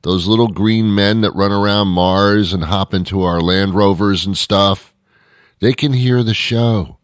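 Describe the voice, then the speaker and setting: A man's voice: lowish voice, unhurried, no room sound, studio quality. A male radio show host delivering a comedic, rambling monologue with sarcastic, mock-boastful asides.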